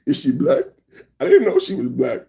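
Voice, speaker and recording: A man doing an impression of a blunt, boastful older male politician, with an exaggerated sing-song inflection and a bit higher pitch than his own voice. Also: huge pitch swings, normal speed, gravelly, mellow, exaggerated voice. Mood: mocking.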